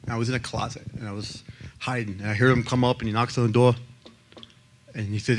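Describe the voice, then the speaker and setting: Guy telling his own story, blunt and emphatic, goes loud then drops way down, average pitch. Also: little pitch movement, quick pace. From the Bronx, New York. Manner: blunt and emphatic, swinging between loud and hushed. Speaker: abuse survivor and advocate speaker. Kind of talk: personal testimony.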